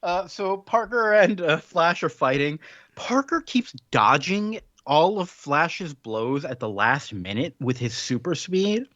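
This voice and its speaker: A podcast co-host with a slightly high voice recaps a comic slowly and casually. He rambles into asides and animatedly acts out quoted characters. The recording is dull, lo-fi, and dry, with no echo.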